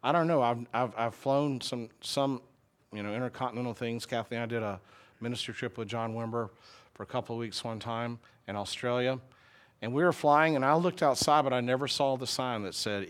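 The mid-range voice belongs to a middle-aged man with a Southern US accent. He's a pastor giving a down-to-earth, chatty sermon and quizzing the people in the pews.

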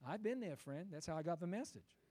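A man preaching a sermon, emphatic and rhetorical, swinging from quiet asides to loud declarations. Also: high-pitched, lively intonation, a little fast.

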